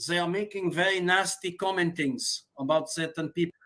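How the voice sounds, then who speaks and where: A man's voice: sits high, fairly quick, fairly bright tone. A man voicing a pompous self-declared German watch expert in broken English with a fake German accent. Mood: stiffly formal. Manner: formal, stiff, lecturing. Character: pompous fake German male "uber horologist". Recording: from a replayed livestream clip.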